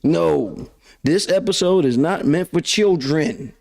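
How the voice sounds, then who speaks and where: A man hosting his own show, ranting in a casual, slangy monologue that swings between loud outbursts and low mutters. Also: lively intonation, gravelly. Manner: slangy, drawn-out emphasis. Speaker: podcast host.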